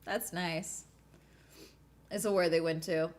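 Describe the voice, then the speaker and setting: A woman's voice: on the low side, slow. Young woman reacting to a race live. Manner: excitable, laughs often, talks to herself. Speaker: streamer watching a race along. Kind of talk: casual live reaction commentary.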